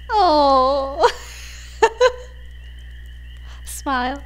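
Giggly high-voiced woman, very slow-talking. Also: expressive. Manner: giggly and gushing, laughs often. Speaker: let's play host. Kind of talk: casual game commentary. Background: faint game music.

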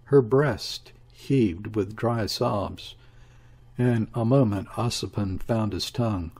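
A man reading a classic novel aloud as an audiobook in a measured, even storytelling manner. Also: lowish voice, husky. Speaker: audiobook reader. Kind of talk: literary audiobook narration.

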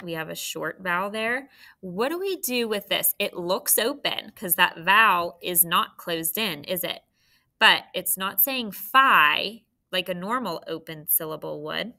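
Woman teacher, slow patient phonics lesson for kids, kinda low and bright voice. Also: animated. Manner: patient, encouraging, slow and clear. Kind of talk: phonics lesson for young students.

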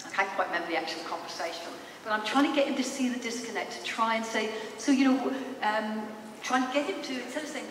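A woman speaker talks to a crowd in a large expo hall, lively and engaging, turning questions to the audience. Her fairly high voice is washed in long reverb and picked up from a distance. A faint hum sits underneath. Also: fast. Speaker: psychologist and speaker. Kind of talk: public presentation. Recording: echoey hall, distant mic, faint noise.

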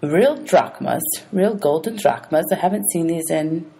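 Woman voicing a greedy old ferryman of the dead, low gravelly voice, grumbling, sly. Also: animated, unhurried, warm tone, heavily acted. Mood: suspicious. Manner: grumbling, sly, money-hungry.

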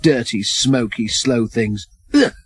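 A man's voice: medium pitch, moderate pace, husky, no room sound, lightly acted. A man voicing a haughty, snobbish male diesel engine in a children's storybook reading, speaking in a lofty, disdainful way.

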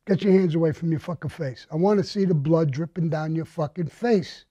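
A man's voice: fairly high pitch, brisk, dark tone, no room sound, dull audio. A man bluntly recounting a violent crime story, swearing often and speaking with menace.

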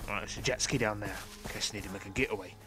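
A man giving comedic in-character commentary over a video game, swearing constantly and breaking into sudden excited outbursts. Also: on the low side, racing, over music. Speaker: gameplay commentator.

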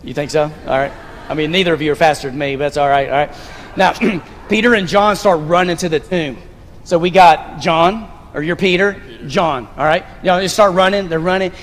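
High-voiced pastor in an echoing sanctuary. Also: male voice, fairly quick, a little hiss or hum. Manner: animated, directing volunteers on stage with playful asides. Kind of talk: sermon. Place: church stage. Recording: long reverb of a large sanctuary.

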